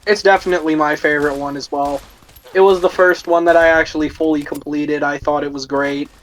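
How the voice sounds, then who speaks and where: Higher-voiced young man, laid back. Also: fairly quick, rough recording. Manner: relaxed, keeping voice down. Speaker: podcast co-host. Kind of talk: casual chat.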